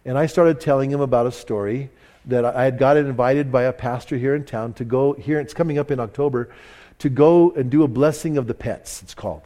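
A man's voice: medium pitch, a little fast, mellow. A man preaching a sermon in church, telling a story animatedly and mocking himself, with frequent restarts. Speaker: pastor. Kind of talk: sermon with anecdote. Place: church service.

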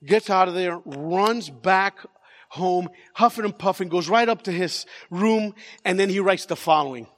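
A man's voice: high-pitched, a little slow, big-room sound. A man preaching a sermon as pastor, telling a story with animation, repeating words and joking with the congregation. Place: large church.

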